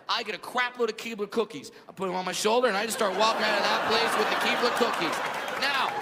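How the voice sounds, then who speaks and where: High-voiced man doing loud stand-up. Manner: loud, animated storytelling with shouted impressions. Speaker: stand-up comedian. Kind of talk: stand-up comedy set. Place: theater stage before a laughing audience. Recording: live hall recording, reverberant, noisy.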